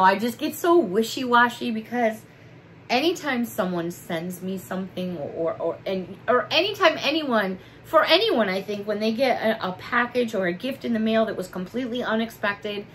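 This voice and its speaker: A woman's voice: on the high side, fairly bright tone, low-quality recording. A middle-aged woman chatting at her desk at home in a haul vlog, gushing and emotional as she shows off gifts. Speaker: vlogger. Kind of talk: casual haul vlog chat.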